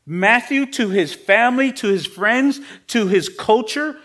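A man preaching with a slightly higher-than-usual voice. His delivery is relaxed and conversational, with loose everyday slang. He punches key points louder and higher, then drops soft and low. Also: measured pace. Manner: swings between emphatic rises and quiet drops. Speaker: pastor. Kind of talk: sermon.

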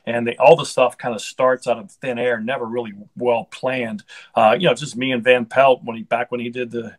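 A man's voice: mid-range voice, level tone, normal speed, low-quality recording. A middle-aged man, a hockey broadcaster, chatting casually in an interview with an upbeat, rambling manner and frequent restarts.

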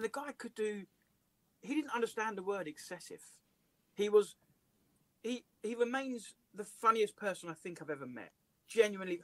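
English male comedian, high voice, animated storyteller, dry recording. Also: no room sound. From England. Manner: lively, laughs through his stories. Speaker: comedian and writer, guest. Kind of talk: casual anecdotal storytelling. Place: office.

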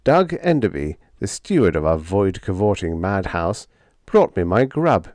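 A man reading a humorous story aloud, with a lively, playful first-person telling. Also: sits low, a little slow, dry recording, clean studio sound. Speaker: audiobook narrator.

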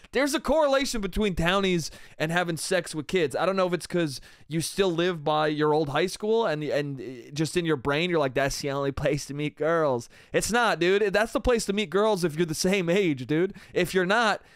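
A man's voice: high voice, no echo, studio quality. A man hosting a solo comedy podcast, rambling crudely and saying "dude" and "bro" constantly. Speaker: podcast host.

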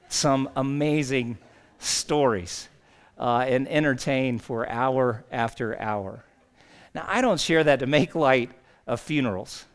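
A male pastor preaching a sermon in a conversational, anecdotal way. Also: mid-range voice.

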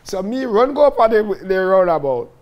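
A man with a Jamaican Patois accent telling stories from his own life in a lively, dramatic way, often calling out to his listeners. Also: high voice, moderate pace. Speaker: storyteller recounting his life. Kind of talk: casual spoken autobiography.

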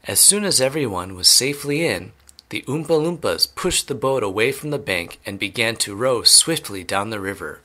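Bright-voiced man reading a storybook. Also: mid-range voice, normal speed. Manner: clear, steady storybook reading. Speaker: English teacher reading a novel aloud. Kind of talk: reading a children's novel aloud.

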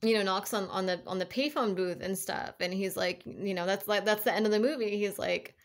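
A young woman talks through a tarot reading in a relaxed, rambling way. She fills her sentences with "like" and "you know" and often starts over mid-thought. Her voice sits at an ordinary middle pitch. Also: a little fast. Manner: rambling, filler-heavy, many "like"s and restarts. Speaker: tarot reader. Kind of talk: casual tarot reading monologue.

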